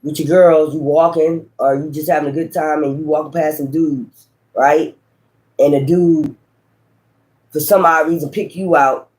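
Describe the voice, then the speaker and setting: A man's voice: fairly high pitch, steady tone, normal speed, a little mellow. A man giving a casual tarot reading to his viewers, swearing freely and checking in with tag questions as he talks straight to them. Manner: profane, emphatic, talks straight to the audience; frequent rhetorical tag questions. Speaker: tarot reader.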